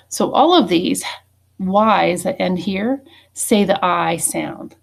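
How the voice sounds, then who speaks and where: A woman leads a phonics lesson at an unhurried pace. She pauses to check in with her students often, and her voice has a gravelly fry. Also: on the low side. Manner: patient, checking in with frequent "okay?" and "right?". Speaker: teacher.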